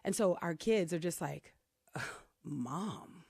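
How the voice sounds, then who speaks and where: Co-host, middle-aged woman, low-pitched, animated storyteller, recorded dry and close. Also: takes it slowly, creaky, slightly rough, no room sound. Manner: animated storyteller, lively quoted voices. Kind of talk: casual chat.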